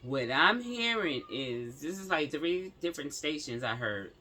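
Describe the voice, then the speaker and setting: A man's voice: on the high side, big pitch swings, a little slow, pushed and bright, slight background noise. Man reading news with slangy asides. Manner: stumbles over words while reading, slangy asides to viewers. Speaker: commentary channel host. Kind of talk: reading a news story aloud with casual commentary.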